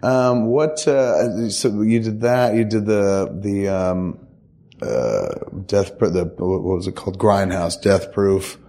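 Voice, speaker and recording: A man hosting an interview, asking halting questions full of fillers. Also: on the low side, warm tone. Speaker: host. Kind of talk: interview chat.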